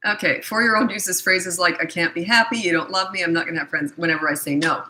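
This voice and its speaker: A middle-aged woman answers parenting questions in a blunt, matter-of-fact way. Her voice sits on the low side but comes out bright and forceful. Her throat is a little scratchy. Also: fairly even intonation, quick pace. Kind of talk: casual Q&A advice.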